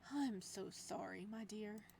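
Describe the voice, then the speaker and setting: Woman voicing a soft-spoken obsessive librarian man. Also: on the high side, lively intonation, slight background noise. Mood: gentle, doting. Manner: slow, gentle, controlled, with menace beneath. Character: possessive soft-spoken male librarian captor. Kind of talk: reading a visual novel aloud.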